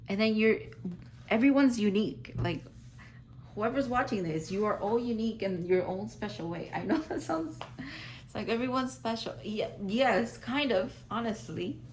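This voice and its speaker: A woman's voice: mid-range voice, expressive, normal speed, slight background noise, low-quality recording. A woman giving a casual, rambling tarot reading to her viewers, full of "like" fillers and effusive reassurance. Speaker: tarot reader.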